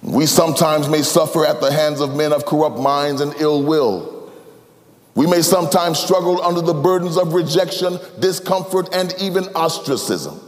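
A man preaching a sermon as a pastor, emphatic, swinging between loud high pleas and low quiet asides. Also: moderate pace. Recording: long reverb of a hall.

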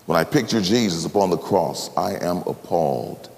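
A male preacher delivers a sermon with dramatic contrasts, moving from emphatic, raised lines to low and quiet ones. His pitch moves widely and expressively. The voice rings out with a long reverb from a large hall. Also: expressive, normal speed, creaky. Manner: dramatic, swinging from loud to hushed.

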